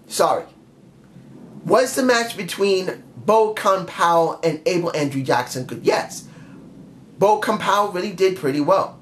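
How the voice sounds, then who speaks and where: A man's voice: sits high, lively intonation, measured pace, slight background noise. A man reviewing a wrestling show in a casual spoken style, blunt and exasperated, firing off repeated questions.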